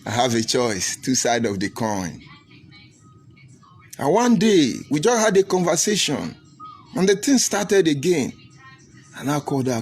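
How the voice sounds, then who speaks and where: A man's voice: mid-range voice, sing-song, a little slow, pauses often, breathy edge, soft background music. A middle-aged man, giving a preachy broadcast commentary and repeating phrases for emphasis. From Nigeria. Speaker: political commentator.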